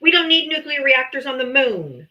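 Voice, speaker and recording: A woman hosts a live debate stream in a casual, blunt way, swearing freely and sounding exasperated. Her voice sits a little high and rings bright and forceful. She speaks into a streaming mic at home. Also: sing-song, moderate pace, lo-fi sound. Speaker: livestream debate host. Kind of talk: casual livestream talk.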